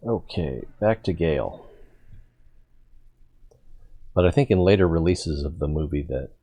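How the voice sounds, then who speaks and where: A man giving relaxed, wry commentary while playing a video game and reading the dialogue choices aloud. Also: a bass voice, measured pace. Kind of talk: casual gameplay commentary.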